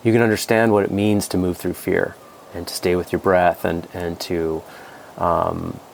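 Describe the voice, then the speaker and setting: Low-voiced rambling man. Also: little pitch movement, normal speed, creaky, a little hiss or hum. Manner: rambling, repeats words, acts out quoted voices. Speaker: guest, psychedelics coach. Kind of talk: casual podcast conversation.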